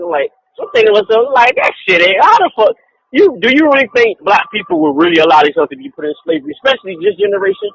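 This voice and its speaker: A man co-hosts a casual podcast over an online call, ranting profanely, rambling, and laughing often between remarks. His very high-pitched voice is very animated and a little fast, gravelly, slightly rough, and a bit bright. The audio is dull, lo-fi call sound with faint hiss.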